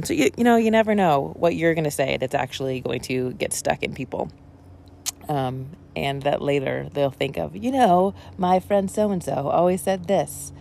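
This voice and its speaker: A woman's voice: sits low, vocal fry, darkish tone. A woman pastor talking casually about her sermon, rambling and conversational with many asides. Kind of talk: casual spoken reflection on a sermon.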